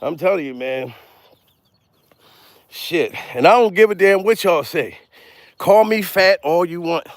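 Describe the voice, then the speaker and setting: Breathless, laughing man with high voice. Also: a little slow, long pauses, no echo, studio quality. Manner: profane, laughing, excitable rambling. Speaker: comedian livestreamer. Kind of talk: comedic livestream vlog.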